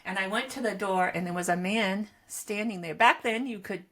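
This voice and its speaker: A woman's voice: mid-range voice, moderate pace, fairly bright tone. A woman in her seventies telling her own stories in a casual podcast chat, wry and self-mocking. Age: 70s. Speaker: podcast co-host, mother.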